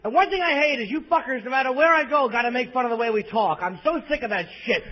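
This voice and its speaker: A man's voice: extremely high pitch, fast talker, few pauses, slight background noise. A man from New Jersey doing a crude, profane stand-up set on stage in a comedy club, ranting abrasively at the audience. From East Coast of the US, New Jersey. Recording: lo-fi live bootleg audio with faint crowd ambience.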